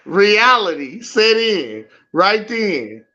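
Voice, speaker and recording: A man's voice: sits high, big pitch swings, very slow, pushed and bright. A man in a casual chat, drawling and joking as he chimes in. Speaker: podcast co-host. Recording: dull lo-fi recording.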